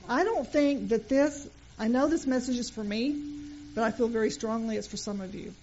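A woman's voice: on the high side, normal speed, muffled recording, noisy background. A middle-aged woman preaching a sermon in church, telling stories in a conversational way and making earnest appeals to the congregation. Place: church sanctuary.

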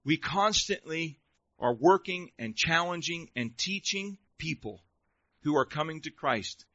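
A man's voice: fairly high pitch, lively intonation, a little slow, pushed and bright, no echo. A male pastor delivering a sermon, emphatic and calling out questions to the congregation. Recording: dull lo-fi recording.

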